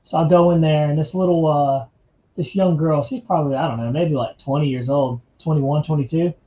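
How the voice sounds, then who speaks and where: Male livestream host, easygoing chatter, slightly high, mellow tone, echoey home setup. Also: fairly even intonation, fairly quick, dull audio. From North Carolina, US. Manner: laid-back, chatty, calls viewers man and dude. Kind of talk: casual live chat.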